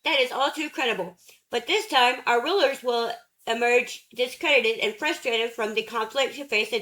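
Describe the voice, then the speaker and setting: A woman narrating an audiobook, reading essay prose in a measured, steady way. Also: fairly high pitch, low-quality recording.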